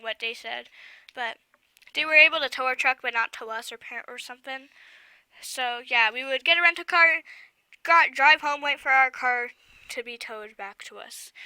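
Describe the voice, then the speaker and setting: A woman telling a story to camera in a rambling, excitable way, full of fillers and side remarks. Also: high-pitched, no echo. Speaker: vlogger.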